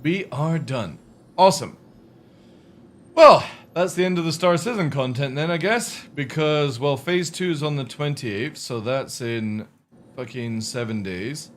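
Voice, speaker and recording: A man's voice: mid-range voice, a little slow. A man chatting casually to his chat while streaming a game, rambling and swearing freely.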